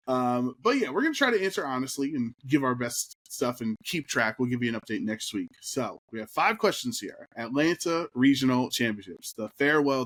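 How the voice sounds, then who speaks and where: A man's voice: medium pitch, a bit bright. A young man co-hosting a podcast in easygoing, playful casual chat. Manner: easygoing, laughs often, playful. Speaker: podcast co-host.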